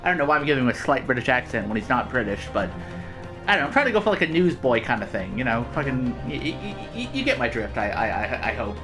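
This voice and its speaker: A woman's voice: rumbling low, very animated, fast. Swearing woman playing a game. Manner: casual, profane, joking asides. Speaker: let's play streamer. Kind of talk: game playthrough commentary. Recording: game music in background.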